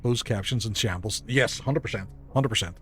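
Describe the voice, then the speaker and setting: A man's voice: lowish voice, moderate pace, slight background noise. A man with a Northern Irish Derry accent streaming a game live, thinking aloud in a chatty way and swearing casually. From Northern Ireland. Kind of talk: casual live gameplay commentary.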